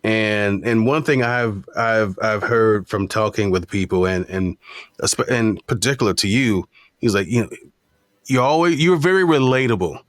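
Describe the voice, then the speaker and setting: A man hosting a podcast interview, halting and searching for his words. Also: fairly low pitch, no echo, studio quality. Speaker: podcast host. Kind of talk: casual interview talk.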